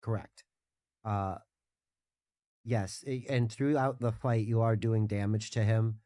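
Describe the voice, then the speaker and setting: A man's voice: lowish voice, steady tone, slow pace, mellow, no room sound. A man as a guest in casual podcast chat, telling a gaming story in a rambling way with many restarts.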